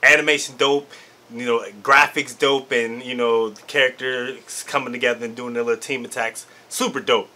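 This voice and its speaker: A man doing an excited, casual reaction commentary to an anime episode, hyped and slangy, laughing often. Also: mid-range voice, normal speed.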